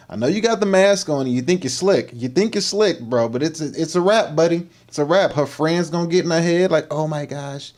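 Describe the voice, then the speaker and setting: A man hosting a livestream, giving teasing, animated reaction commentary on videos and repeating slang tags. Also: fairly high pitch. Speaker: livestream host.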